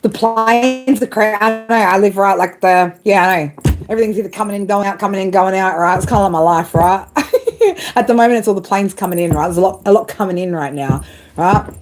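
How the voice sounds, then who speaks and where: A woman's voice: mid-range voice, brisk, over music, rough recording. A woman chatting casually during a live tarot reading, laughing often and tagging "right?" onto her sentences. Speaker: tarot reader. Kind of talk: live-stream reading chat. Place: outdoors.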